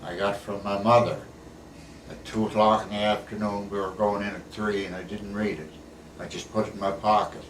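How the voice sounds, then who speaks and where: Level in tone and brisk in pace, a low-voiced older veteran tells stories in a casual interview. His talk is plain-spoken and folksy, with "eh" tagged onto sentences. The recording picks him up from afar in an echoey space with a faint background hiss.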